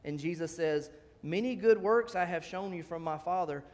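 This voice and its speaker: A male pastor preaching a sermon in a church sanctuary, talking conversationally and rising in pitch on emphatic questions. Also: moderate pace, a little mellow. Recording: long church hall reverb.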